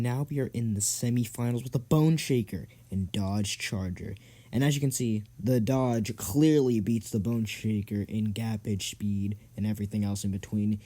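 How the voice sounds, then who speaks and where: A man's voice: fairly low pitch, fairly even intonation, normal speed, dark tone. A young man giving playful, slangy commentary on toy car races as a channel host, now and then swinging into a hyped announcer voice.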